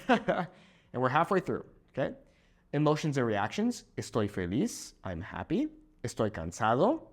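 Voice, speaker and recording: A young man giving a video Spanish lesson, explaining phrases and checking in with "okay?" after each point. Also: medium pitch. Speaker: Spanish teacher.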